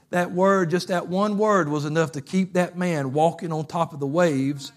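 A man preaching a fervent sermon, telling stories and swinging from loud bursts to hushed passages. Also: on the high side, steady tone, a little slow.

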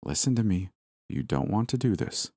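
A man voicing a frightened young mother who pleads softly and carefully with her husband in a storybook reading. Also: fairly low pitch, big pitch swings, normal speed, breathy edge, dry recording, clean studio sound, voice pushed up, exaggerated voice. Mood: gently pleading. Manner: soft, careful, coaxing.

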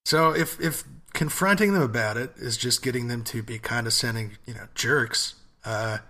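A man's voice: mid-range voice, normal speed, bright, forceful tone. A man co-hosting a podcast and giving advice in casual chat, blunt and profane, with rambling asides. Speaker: podcast co-host.

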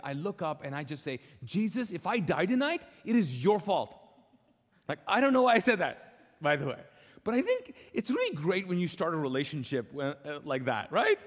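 A middle-aged pastor tells his story from the stage with animated energy, slipping into the voices of the people in it. His voice sits a bit high for a man. It rings out in the long reverb of a big church auditorium. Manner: animated, acts out quoted dialogue. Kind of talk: sermon storytelling.

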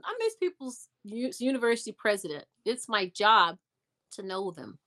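A young adult woman telling a personal story in a conversation, animated and emphatic, repeating words for effect. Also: mid-range voice, moderate pace. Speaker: guest.

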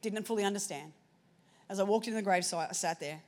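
A woman preacher telling a personal story in a sermon, shifting between hushed and loud moments. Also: medium pitch, fast.

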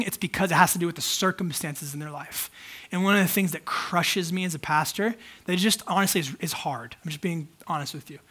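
Pastor, male, high voice, preaches in a loose, candid, conversational way. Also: fairly bright tone. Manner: conversational, candid, many fillers. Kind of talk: casual sermon.

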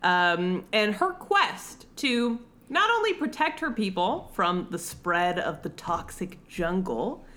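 A woman's voice: mid-range voice, big pitch swings, slow, hardly any pauses, fairly bright tone. A woman co-hosting a podcast, chatting casually and animatedly about a film, swearing now and then. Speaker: podcast co-host reviewing a film. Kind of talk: casual chat.

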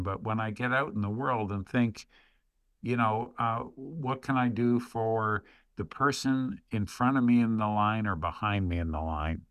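A man appearing as a podcast guest, speaking in a measured, deliberate way with pauses. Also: on the low side, a bit bright, dry recording, clean studio sound. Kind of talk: reflective podcast discussion.

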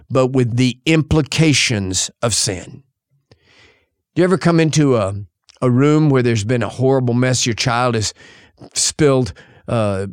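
A man preaching a sermon in an earnest voice, pausing for effect and quoting scripture in old-fashioned wording. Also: medium pitch, dry recording, clean studio sound.

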